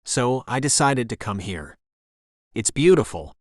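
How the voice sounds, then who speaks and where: A man's voice: medium pitch, sing-song, a little slow, no room sound, clean studio sound. Narrator reads a shy young woman on the run, polite and guarded.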